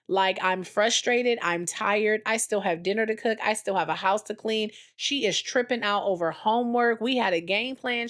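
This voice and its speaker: A woman in her thirties co-hosting a podcast, telling stories in a casual, animated way and acting out dialogue. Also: fairly high pitch. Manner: animated storyteller, acts out dialogue with her daughter. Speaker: podcast co-host. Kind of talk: casual chat.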